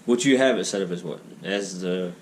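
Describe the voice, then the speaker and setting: Male game master, lower voice, playful narration, light noise under it. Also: a little fast, a little mellow. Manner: jokey, laughs often. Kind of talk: narrating a tabletop role-playing game.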